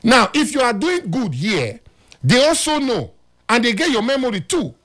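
Nigerian guy on a talk show, high voice all over the place, preachy and emphatic. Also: sing-song, moderate pace, a bit bright. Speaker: guest.

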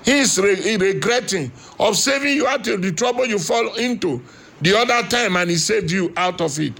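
A man preaches a fiery sermon in a high, gravelly voice. He repeats his lines for weight and breaks into shouts now and then. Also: animated, moderate pace. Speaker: prophet.

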